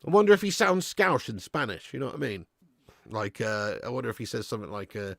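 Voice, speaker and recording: A man's voice: medium pitch, very animated, fast talker, creaky, fairly bright tone, dry recording, clean studio sound. A man hosting a live football watch-along, chatting casually, reading out viewer messages and laughing often. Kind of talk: casual live match commentary.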